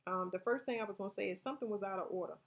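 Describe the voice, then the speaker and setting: A woman's voice: medium pitch, rapid-fire. Chatty woman giving a tarot reading. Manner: conversational, restarts often, speaks directly to viewers; reads card text aloud. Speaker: tarot reader.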